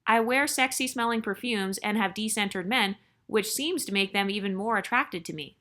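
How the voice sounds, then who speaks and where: A woman's voice: mid-range voice, moderate pace, sharp tone. A woman hosting her channel, reading a viewer's story aloud in a chatty way and breaking in with joking asides.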